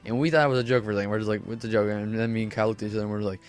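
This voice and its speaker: A man's voice: lowish voice, steady tone, very fast, smooth. A teenage boy casually telling a rambling story over gameplay commentary, full of fillers and self-corrections. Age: teens. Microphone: desk microphone.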